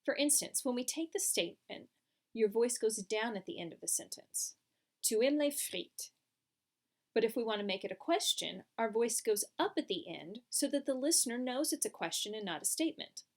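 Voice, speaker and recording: A woman's voice: a little high, lively intonation, brisk. A woman teaching a French lesson, explaining patiently step by step over slides. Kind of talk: recorded classroom lesson.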